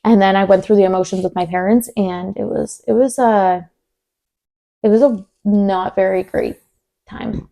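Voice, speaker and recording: Mellow-voiced young woman telling a story. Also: mid-range voice, normal speed, gravelly. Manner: animated, acts out quoted dialogue, many "like" fillers. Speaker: podcast co-host. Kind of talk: casual storytelling chat.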